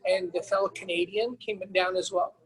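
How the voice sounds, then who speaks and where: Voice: medium pitch, steady tone, moderate pace. A guest chatting easily about competing on a cooking show. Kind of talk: casual chat. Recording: crowd noise behind.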